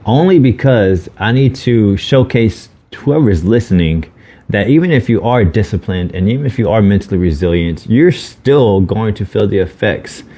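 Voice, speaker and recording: A warm, low-leaning male voice with lively intonation and a moderate pace belongs to a podcast co-host, an adult with children. He talks earnestly and openly about hard times, swearing freely in this candid conversation.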